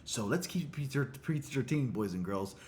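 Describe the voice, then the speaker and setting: A man's voice: mid-range voice, animated, normal speed, a little mellow, a little hiss or hum, lightly acted. A man voicing a wisecracking antihero who breaks the fourth wall, talking in a mock-confiding aside to the audience. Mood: wry.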